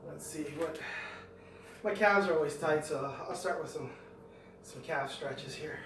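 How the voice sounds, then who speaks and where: Middle-aged male fitness vlogger, thinks out loud; roomy echo, faint ambience behind. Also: a little high, measured pace, slight background noise. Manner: rambling, thinking aloud between exercises. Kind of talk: talking through a home workout. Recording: echoey room, mic at a distance.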